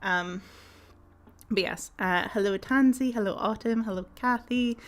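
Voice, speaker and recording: A woman's voice: a little high, fairly even intonation, measured pace. A woman chatting casually with her viewers on a game live stream, giggly and rambling with lots of ums.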